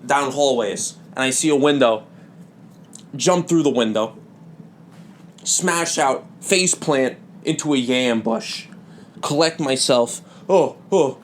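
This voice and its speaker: A young man hosting a comedy podcast, telling rambling absurd stories in a deadpan way with sudden loud bursts. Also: medium pitch, a little hiss or hum. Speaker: podcast host. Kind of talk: absurd comic storytelling.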